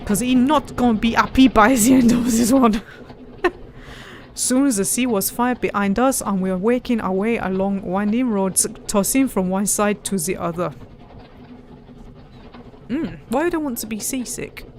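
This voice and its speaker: A woman's voice: a little high, a little slow, a little hiss or hum. Giggly woman reading a game aloud. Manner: giggly, reads with playful emphasis. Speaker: let's play host reading game text. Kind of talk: casual gameplay chat and reading aloud.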